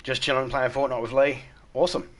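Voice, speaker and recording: His voice medium in pitch, brisk and flat in delivery, an Australian streamer talks casually with viewers in chat while gaming live. He is frank and blunt, swears a lot, and laughs at his own jokes.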